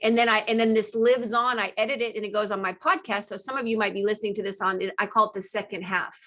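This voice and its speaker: Upbeat lady host, bright clear voice, keeps saying she loves it. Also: medium pitch, fairly even intonation, fast. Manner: enthusiastic, repeats "I love that". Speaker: host of weekly live interview show. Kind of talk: casual interview chat.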